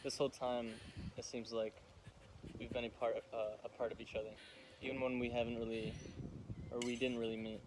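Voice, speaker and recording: Brief: young man, mid-pitched voice, quiet reflective vlog chat, noisy background. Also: flat delivery, fairly quick, pauses often. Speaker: vlog co-host. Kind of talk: casual chat. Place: vacation house near a beach.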